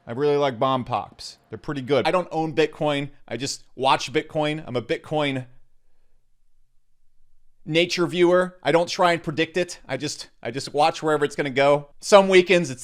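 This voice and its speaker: A young man ranting to camera in a brash, mocking way, jumping between loud outbursts and low mutters. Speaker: crypto YouTuber. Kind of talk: sarcastic rant to camera.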